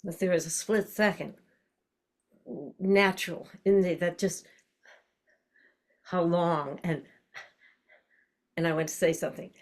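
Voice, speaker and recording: An older woman teaches an online voice class in a low, grounded voice. She explains breath and posture reflectively and breaks into tongue-twisters and nonsense syllables to demonstrate. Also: fairly even intonation, a little slow, pauses often.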